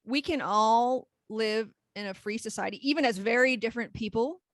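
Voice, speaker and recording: A woman's voice: on the high side, normal speed, no echo. A woman in her forties co-hosting a podcast in casual chat, frank and rambling, swearing freely. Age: 40s. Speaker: podcast co-host.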